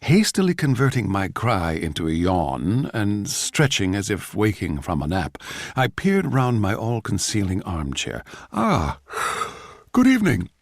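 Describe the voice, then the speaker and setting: A man giving a measured, urbane, theatrical scripted narration. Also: low voice, very animated, no room sound. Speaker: actor reading as narrator.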